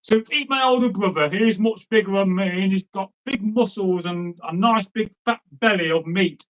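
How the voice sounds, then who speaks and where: Man doing a sly little goat, high voice, keeps calling the troll mate. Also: normal speed, close to an everyday voice, poor audio. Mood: persuasive. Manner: cheeky, persuasive, calls the troll mate. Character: smart cheeky young male billy goat.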